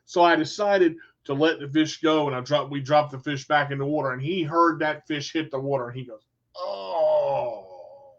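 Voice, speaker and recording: A man telling a casual, animated story in folksy phrasing, acting out what people said. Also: on the high side, a little fast, hardly any pauses. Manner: animated storyteller, acts out quotes. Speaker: vlogger. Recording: dull lo-fi sound.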